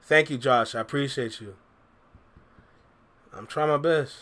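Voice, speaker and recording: Bright-voiced young man chatting on stream. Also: mid-range voice, measured pace. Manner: laid-back slang-heavy banter, reading chat aloud. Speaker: reaction streamer. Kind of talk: casual livestream chat with viewers.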